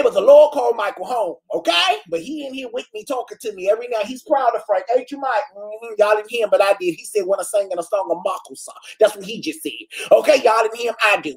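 Flamboyant husky man hosting a live stream. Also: high voice. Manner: flamboyant, exclamatory, animated. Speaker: host of a live online talk show. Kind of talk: casual live-stream chat reading comments.

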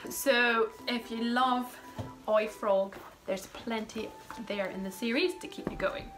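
A woman's voice: on the high side, slow pace, rough recording. Chatty woman recommending rhyming books. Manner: chatty, animated, reads rhymes aloud with playful emphasis. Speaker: children's book blogger. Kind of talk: casual book recommendations with read-aloud. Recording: music playing over the voice.

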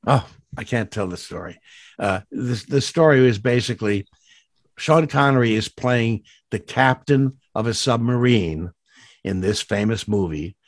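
An older man, a voice actor, chatting in an interview and telling rambling stories with many restarts and sudden jumps up in pitch. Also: lively intonation, measured pace, no room sound, clean studio sound. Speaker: guest voice actor. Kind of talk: casual interview chat.

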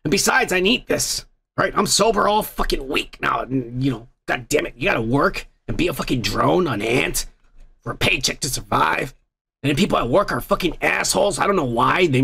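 A man's voice: mid-range voice, gravelly, fairly bright tone, breathy edge. A man hosting a casual livestream, reading chat messages aloud in a blunt, profane, rambling way while drinking. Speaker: host.

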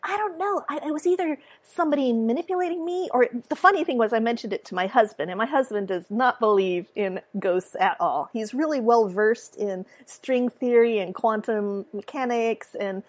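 A woman guest author with a sing-song way of talking, telling a story in an animated, chatty way. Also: a little high, normal speed, hardly any pauses. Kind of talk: casual chat.

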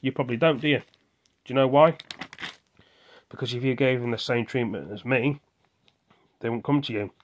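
A man's voice: mid-range voice, fast, muffled recording, slight background noise. Frustrated man venting to camera. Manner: frustrated, rambling, asks himself questions. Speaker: vlogger. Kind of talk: venting personal video monologue.

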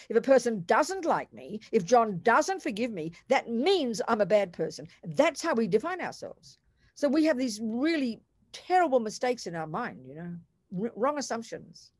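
A woman's voice: a little high, normal speed, no room sound. Older Australian woman, Buddhist nun, emphatic and blunt dharma teacher, dry close recording. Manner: animated, emphatic, blunt and colloquial. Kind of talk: dharma talk to a class.

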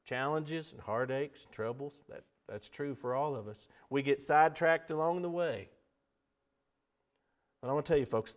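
A middle-aged man preaching a sermon, earnest, building to emphatic appeals and dropping to soft pleas. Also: mid-range voice.

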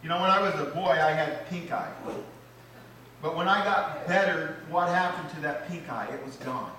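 A male pastor delivers a lively sermon, his voice climbing and getting loud on repeated phrases, then sinking low to drive a point home. His tone is bright and a little sharp. The recording sounds like a large, echoey church, picked up from some distance off. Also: moderate pace, slight background noise. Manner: animated preaching, rising loud on repeated phrases, dropping low for emphasis. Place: church sanctuary.

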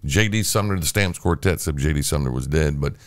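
A man's voice: rumbling low, fast talker, dry recording. An older man, a veteran radio host, telling stories in casual chat and acting out the voices of the people in them. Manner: animated storyteller acting out quoted voices. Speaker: radio host and podcast guest.

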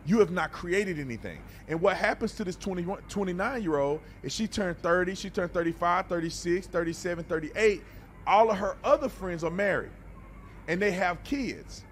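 A man's voice: high-pitched, moderate pace, slight background noise. A man hosting a reaction video, talking bluntly and animatedly in a preachy, casual way and often repeating words.

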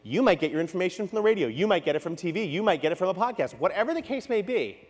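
A fairly high-voiced man gives a keynote in a big reverberant hall. His pitch swings widely as he tells stories and tosses in quick asides. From New York. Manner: animated, storytelling with quick asides and acted-out quotes. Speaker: keynote speaker. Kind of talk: conference keynote talk. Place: large hall.

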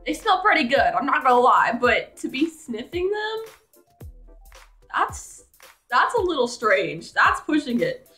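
A woman's voice: high voice, big pitch swings, a little slow, sharp tone, faint music behind. A teenage girl vlogger telling funny school stories, giggling and chatty with lots of "like". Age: teens. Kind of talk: casual storytelling vlog.

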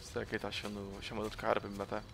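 A Brazilian man commentating gameplay for his viewers, excitable and jokey, swearing often and switching into Brazilian-accented English. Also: on the low side, rapid-fire, creaky, a little hiss or hum. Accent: Brazilian Portuguese. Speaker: gaming YouTuber.

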